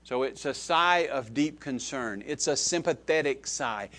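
A man preaching a sermon, who stresses key words loudly, then drops to soft, low asides and repeats phrases to his listeners. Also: unhurried. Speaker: pastor.

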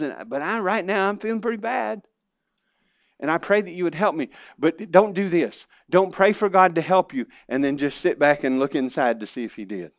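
A male pastor preaches in an earnest sermon, moving between soft, low asides and emphatic, raised lines. His voice sits fairly high for a man. The sound is close and dry. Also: dry recording. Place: church.

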